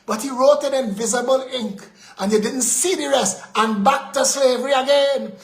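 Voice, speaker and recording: A man's voice: very high-pitched, moderate pace. Fiery Trinidadian man ranting, echoey room. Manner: indignant, fiery, full of rhetorical questions, sometimes shouting. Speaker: host of a live political talk show. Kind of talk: ranting political commentary.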